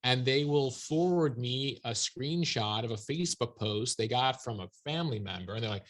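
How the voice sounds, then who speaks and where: A man, a journalist guest in an interview, telling stories in an animated, quick way. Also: medium pitch. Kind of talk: casual interview chat.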